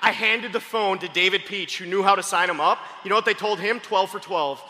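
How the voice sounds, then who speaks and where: A man giving a motivational sales training talk, fast-talking and excitable, often shouting. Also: high-pitched. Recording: long hall reverb.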